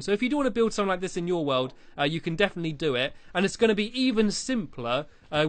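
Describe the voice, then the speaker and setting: A let's-play creator giving casual, chatty commentary while building in a game, playful and teasing, often breaking into excited squeals. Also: medium pitch, dry recording.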